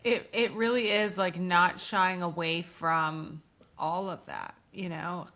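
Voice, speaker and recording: A woman hosting a podcast interview, asking her guest slow, thoughtful questions. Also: lowish voice, sharp tone. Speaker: podcast host.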